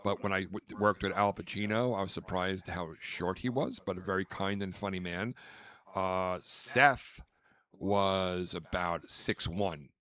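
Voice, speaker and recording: Deep-voiced and unhurried, with a fairly bright tone, this man hosts a podcast. He rambles through stories in a relaxed conversation, mentioning names and performing the quotes.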